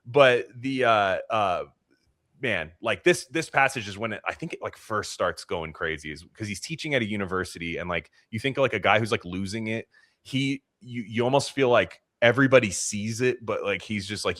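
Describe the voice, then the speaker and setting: A man's voice: lowish voice, expressive, normal speed, fairly bright tone, no echo, clean studio sound. A man co-hosting a casual book podcast, rambling with fillers and restarts and laughing often. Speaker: podcast co-host.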